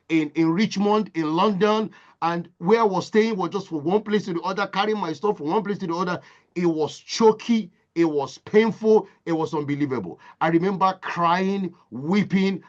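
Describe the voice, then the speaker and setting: A man's voice: sits high, lo-fi sound. A man from Nigeria, giving a motivational talk as impassioned storytelling with emphatic repetition. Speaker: motivational speaker.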